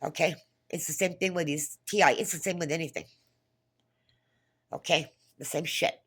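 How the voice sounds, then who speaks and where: This vlogger has a deep, husky voice with a steady tone and moderate pace. Facing the camera, she delivers an agitated, profane casual monologue about a phone call, starting over again and again.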